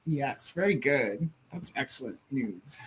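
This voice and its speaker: A co-host with a Southern US accent chats casually on a live reading stream, reading viewer comments aloud and laughing often. The voice is mid-range, a bit bright, and breathy-edged, with lively intonation and a slightly slow, drawling, giggly, playful delivery.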